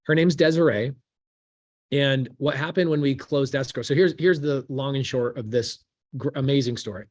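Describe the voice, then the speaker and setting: A man in a casual podcast conversation, telling a story with animated energy and casual slang, as a real estate investor. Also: medium pitch, normal speed, lo-fi sound.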